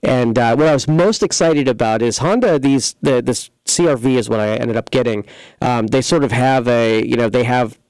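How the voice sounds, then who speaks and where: A man's voice: mid-range voice, moderate pace, a little mellow, no room sound, rough recording. A man hosting a local computer repair talk segment, chatting in a rambling, folksy way full of fillers and restarts. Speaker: computer repair shop host. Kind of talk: casual local radio-style talk show. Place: studio.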